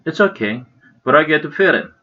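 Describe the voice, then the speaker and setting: A man's voice: fairly high pitch, lively intonation, fairly quick, lo-fi sound, pitched above the performer's own voice. A man with a Korean accent voicing a sulky, sarcastic older boy in a storybook reading. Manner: complaining, sarcastic.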